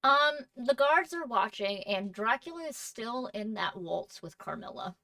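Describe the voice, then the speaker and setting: A woman running a tabletop role-play as game master, narrating scenes in a measured, descriptive way. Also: a little high, animated, gravelly, pushed and bright, no room sound, recorded from a distance.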